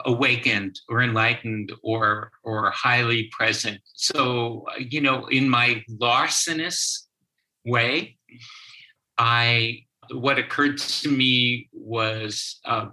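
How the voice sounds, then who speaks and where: A man tells a story from his work as a therapist in a podcast interview. He speaks slowly and stops often to restart his sentences. His voice sounds very bright and edgy. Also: medium pitch, low-quality recording. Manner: slow, halting, with many restarts. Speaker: guest, child therapist.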